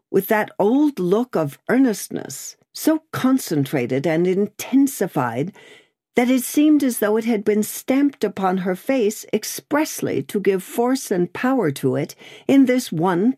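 A woman narrating an audiobook in an expressive storytelling style. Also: medium pitch, a little slow, no room sound, studio quality. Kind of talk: scripted narration.

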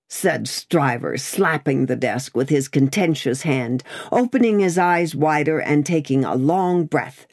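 A woman narrating a classic novel as an audiobook, with expressive, measured storytelling. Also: deep voice.

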